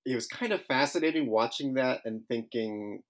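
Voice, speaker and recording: A man hosting a film podcast, chatting casually with halting, restarting speech. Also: mid-range voice. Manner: halting, frequent restarts and hesitations. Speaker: podcast host.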